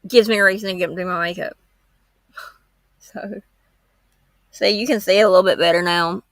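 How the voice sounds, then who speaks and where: Gravelly woman, rambling live chat. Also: mid-range voice, steady tone, moderate pace, no room sound. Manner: rambling, frank, homespun. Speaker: true-crime livestream host. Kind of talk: casual livestream chat.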